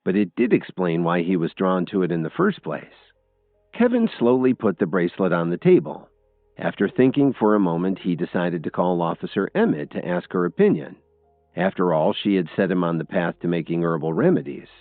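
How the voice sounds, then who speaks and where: A man narrating a scripted audiobook story in an expressive storytelling manner. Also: low-pitched, a little fast, no room sound. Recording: tinny phone-like audio with faint music.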